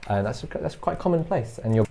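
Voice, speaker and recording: A man who grew up in London, explaining word differences in a calm, patient way. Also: mid-range voice, fairly quick, gravelly. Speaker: co-presenter. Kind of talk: explanatory chat.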